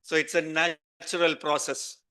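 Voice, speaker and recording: A man's voice: fairly high pitch, flat delivery, unhurried, sharp tone, clear, resonant tone. A middle-aged man with an Indian English accent giving a conversational conference lecture, putting questions straight to his audience.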